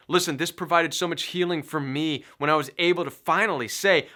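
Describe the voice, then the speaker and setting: A middle-aged man talks listeners through a self-help lesson in a bright, forceful voice that sits a little high. He is emphatic and preachy, hammering his points with repetition. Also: fast talker, hardly any pauses. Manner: emphatic, preachy, repeats key phrases. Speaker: recovery coach. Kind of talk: motivational self-help talk.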